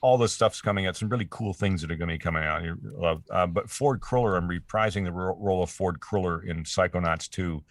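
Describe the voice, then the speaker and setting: Casting note: man, voice actor guest, very deep voice, chatty, stumbles over restarts, dry close studio mic. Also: brisk, hardly any pauses, dry recording. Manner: animated, stammering restarts, laughing asides. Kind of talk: casual interview chat. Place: home studio.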